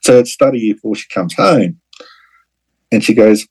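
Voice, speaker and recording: Low husky Australian man. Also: moderate pace, rough recording. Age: 40s. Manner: rambling, full of "you know" fillers. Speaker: guest. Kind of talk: personal storytelling interview.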